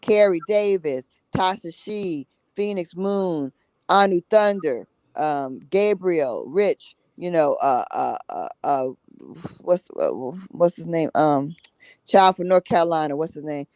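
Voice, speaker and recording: A woman's voice: on the low side, slow pace, darkish tone, dry recording, low-quality recording. A woman speaking as a guest on a talk show, emphatic and blunt, repeating herself and tagging her points with "okay?". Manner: emphatic, repeats herself, drops tag 'okay?'; blunt, salty language. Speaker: guest, summit organizer. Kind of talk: passionate conversational talk.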